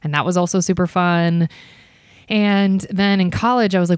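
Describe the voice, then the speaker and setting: Chatty self-deprecating woman, lowish voice. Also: fast talker, no room sound, studio quality. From Ohio, USA. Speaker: guest. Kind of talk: casual interview chat.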